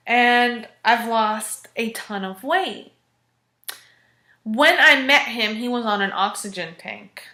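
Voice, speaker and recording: A woman in her thirties telling a personal story in a frank, expressive, casual way. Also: fairly high pitch, slow pace. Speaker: vlogger. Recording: echoey room.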